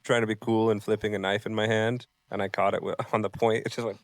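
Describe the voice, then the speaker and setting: A man's voice: on the low side, little pitch movement, fast talker, no room sound. A man co-hosting a casual podcast, laid-back and chiming in with short replies. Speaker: podcast co-host.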